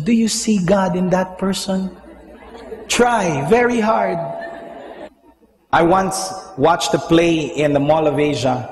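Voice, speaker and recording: A man with a Filipino accent preaching a sermon on stage, telling stories animatedly and acting out his own outbursts. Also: sits high. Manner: animated storytelling with acted-out outbursts. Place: large hall stage at a worship gathering. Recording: echoey hall with long reverb.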